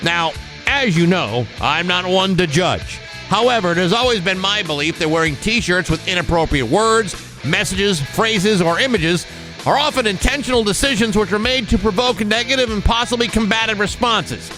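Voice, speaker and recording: Male radio host, wry mock-formal tone, slightly high, music bed clearly audible. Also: lively intonation, normal speed. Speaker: radio morning show host. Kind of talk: casual radio banter and mock-pompous sports commentary. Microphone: studio microphone.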